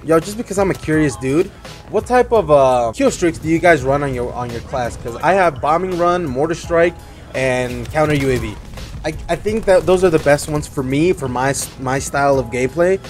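A young man streaming a shooter game, commentating casually, cursing often and reacting loudly to kills and deaths. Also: on the high side, lively intonation, normal speed. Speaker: gaming streamer. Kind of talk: live gameplay commentary. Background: game music and gunfire.

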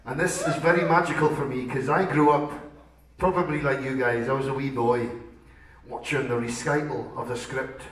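A man's voice: medium pitch, steady tone, normal speed. A middle-aged man from Liverpool with a put-on Scottish-style accent, bantering with the audience from a club stage as the band's singer, joking and heartfelt. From Liverpool, England. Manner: joking, self-mocking, heartfelt. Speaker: rock singer. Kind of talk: chatty stage banter between songs. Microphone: stage vocal mic through the PA. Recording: echoey club hall from far off.

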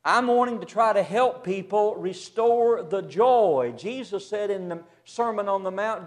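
A man preaching a sermon to a church assembly, swinging from loud emphasis to a hushed near-whisper. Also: high-pitched, a little slow, few pauses.

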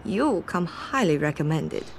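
A woman's voice: deep voice, very animated, measured pace, creaky, crowd noise, heavily acted. A woman voicing a poised female corporate agent in a video game, giving a mission briefing in a stiff, formal way with a put-on foreign accent. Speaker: game character.

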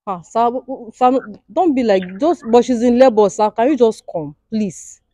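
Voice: medium pitch, moderate pace, mellow, no echo, rough recording. A skit host, pleading earnestly and then speaking to viewers. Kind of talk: comedy skit, addressing viewers.

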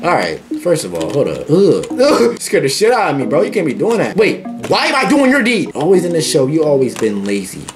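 A man giving loud, profane commentary on a horror game, yelping at scares and talking back to the characters. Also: a little high, fairly quick, hardly any pauses, over music. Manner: excitable, profane, yelps at jump scares. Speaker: gaming YouTuber.

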